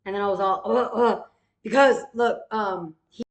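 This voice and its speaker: A woman's voice: medium pitch, normal speed, echoey room. A woman telling a rambling, profane story in a casual way, with many fillers.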